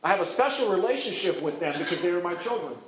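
A middle-aged man preaching a sermon as a pastor, animated, swinging his pitch up and down as he acts out quoted voices. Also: quick pace, roomy sound, a little hiss or hum, rough recording.

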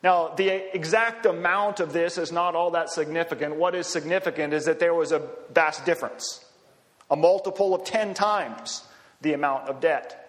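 A man delivers a sermon in a relaxed, conversational manner and breaks off now and then for asides and a soft chuckle. His voice sits a little high for a man. The sound carries a long reverb, as if he is preaching in a large hall. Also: moderate pace.

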